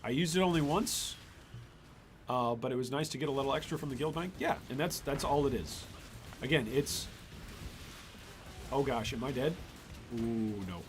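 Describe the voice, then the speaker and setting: A man's voice: medium pitch, moderate pace, long pauses, noisy background. A man hosting a gaming channel, giving casual gameplay commentary with rambling, exasperated asides.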